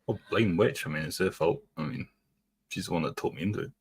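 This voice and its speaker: Husky-voiced man joking on a livestream. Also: low voice, quick pace. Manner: joking, teasing banter. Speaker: livestream co-host. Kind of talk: casual live-stream chat.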